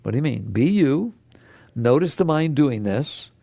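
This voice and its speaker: Male spiritual teacher, high gravelly voice, animated and playful, acts out inner voices. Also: unhurried, no echo. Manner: animated and playful, swinging from low hushed tones to high excited exclamations. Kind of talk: spiritual talk to an audience.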